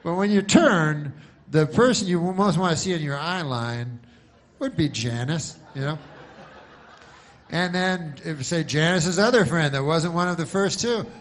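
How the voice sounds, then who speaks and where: A man doing a deadpan stand-up routine with long, rambling setups. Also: fairly high pitch, measured pace. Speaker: stand-up comedian.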